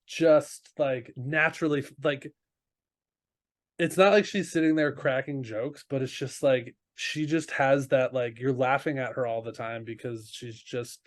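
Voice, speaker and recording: A man chatting as a podcast guest, loose and rambling, full of fillers and quick laughs. His voice sits at an ordinary pitch. The sound is dry and close, with no room around it. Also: steady tone, dry recording. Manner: rambling, lots of fillers and restarts, laughs easily. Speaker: podcast guest, ADHD coach. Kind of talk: casual interview chat.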